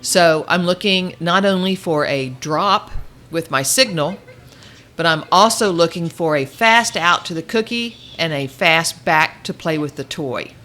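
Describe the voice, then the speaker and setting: A woman dog trainer coaching a puppy in high sing-song praise, with calm explanations in between. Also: a little slow. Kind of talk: puppy training session with commentary.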